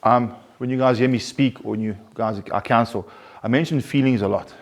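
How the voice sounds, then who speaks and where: A man's voice: medium pitch, fairly quick. A man counseling a recovery group, talking earnestly and conversationally, often restarting and pressing his points with rising emphasis. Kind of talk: informal group talk.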